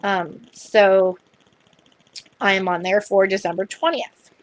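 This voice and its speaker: A woman's voice: medium pitch, takes it slowly. A young adult woman vlogging in a casual, chatty way, retelling a phone call at length. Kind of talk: casual chat.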